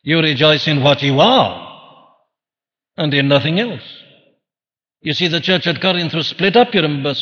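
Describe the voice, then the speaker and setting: A man's voice: on the high side, very animated, normal speed, long pauses, big-room sound, highs cut off. A man preaching a sermon earnestly, posing questions and answering them himself. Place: church.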